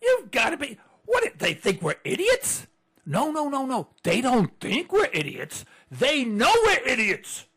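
A man's voice: extremely high pitch, huge pitch swings, measured pace, a bit bright, slightly rough. A man hosting a political talk show, ranting fervently and repeating phrases for emphasis. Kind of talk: impassioned political monologue. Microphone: computer setup.

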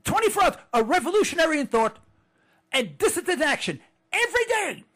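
High-voiced guy ranting on his talk show, husky, pitch all over the place, hammers the same lines again and again. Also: big pitch swings, fairly quick, fairly bright tone. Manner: fervent, ranting, repeats phrases for emphasis. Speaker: political talk show host. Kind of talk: impassioned political monologue. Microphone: computer setup.

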